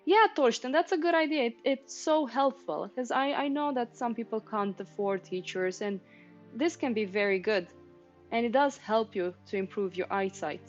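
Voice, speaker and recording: A woman's voice: on the high side, normal speed. A woman in her thirties teaching drawing on a casual livestream, chatty and explanatory, talking to viewers in the chat. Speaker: art teacher streaming a painting session. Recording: slightly muffled stream with faint music.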